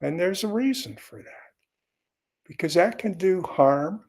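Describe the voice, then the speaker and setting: A man gives a dharma talk as a Zen teacher, his somewhat high voice carrying a gravelly edge. He talks slowly, in a mellow and unhurried way. His delivery stays conversational, with wry asides. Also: expressive.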